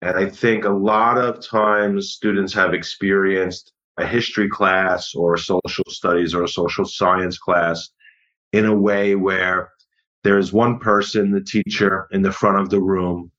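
A middle-aged man, a history teacher being interviewed, explaining in a measured, thoughtful way and often repeating words. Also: sits low, level tone, fairly bright tone. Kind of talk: conversational interview. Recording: dull lo-fi audio.

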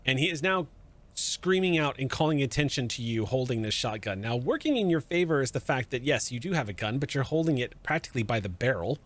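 A man narrating and running a tabletop game as game master, in calm, measured scene narration. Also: mid-range voice.

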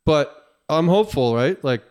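A man hosting a podcast, interviewing a guest in a relaxed, encouraging way with lots of short affirmations. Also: a little high, moderate pace. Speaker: podcast host. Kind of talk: casual interview conversation.

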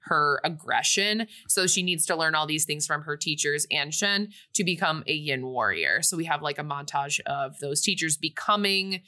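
A woman's voice: sits low, expressive, moderate pace, hardly any pauses, bright, forceful tone. A young woman on a podcast, casually retelling a movie plot in a rambling way, full of fillers. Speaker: podcast co-host. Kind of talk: casual movie recap chat.

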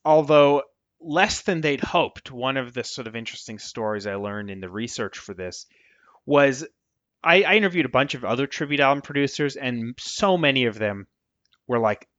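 An American man, an author guest in a casual interview, talking in an animated, digressive way. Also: medium pitch, moderate pace, dry recording, muffled recording.

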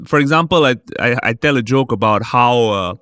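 A man's voice: medium pitch, lively intonation, fairly quick, a bit bright, no room sound, clean studio sound. A man with a Singaporean English accent, a stand-up comedian chatting on a podcast and telling stories, acting out the people he quotes. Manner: storytelling, acting out quoted voices. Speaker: stand-up comedian, guest co-host. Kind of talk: casual podcast chat.

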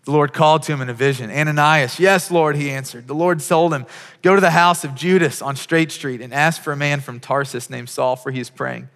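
Pastor preaching in a reverberant hall. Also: male voice, fairly high pitch, a little fast, fairly bright tone. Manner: storytelling with quoted dialogue, many restarts. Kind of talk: sermon.

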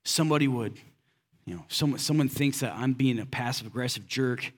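A man preaching to a congregation in a relaxed, conversational manner. His voice sits at an ordinary middle pitch, and he talks directly and plainly, tossing in rhetorical questions and casual slang. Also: fairly quick. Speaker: pastor. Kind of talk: sermon.

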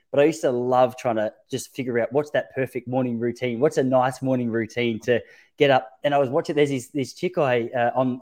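A man hosting a podcast, chatting casually and thinking aloud in a relaxed, reflective way. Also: medium pitch. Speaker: podcast host. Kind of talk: casual conversational chat.

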